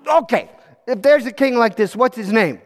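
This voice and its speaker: A weary little king, fed up and pleading, as a man telling the story voices him, with a high voice. The sound carries a long hall reverb. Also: lively intonation, moderate pace. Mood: exasperated. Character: young troubled boy king, frustrated.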